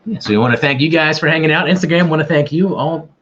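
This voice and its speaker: A man's voice: on the high side, fast, a bit bright, a little hiss or hum. A man hosting a casual trivia livestream, joking around and rambling in a self-deprecating way. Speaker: quiz host. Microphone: camera mic. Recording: dull lo-fi livestream audio.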